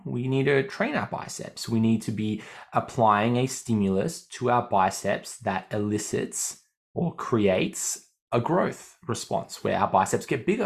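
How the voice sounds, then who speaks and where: A man with an Australian accent, a fitness coach explaining training ideas in a podcast, often checking in with "okay?". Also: fairly low pitch.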